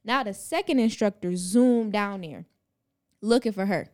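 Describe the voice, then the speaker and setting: Woman w aave telling a wild story, acts out all the voices, super animated. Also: mid-range voice, unhurried. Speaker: podcast co-host. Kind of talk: casual chat.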